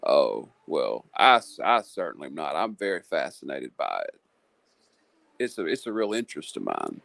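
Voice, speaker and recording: Man, low gravelly voice, lively pitch, dry close sound, host, rambling casual chat. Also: moderate pace, dry recording. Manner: talkative, musing, friendly.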